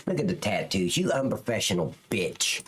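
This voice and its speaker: A man's voice: on the low side, big pitch swings, normal speed. A man commentating on police footage, sarcastic and scornful, cursing constantly as he picks the scene apart. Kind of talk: profane video commentary.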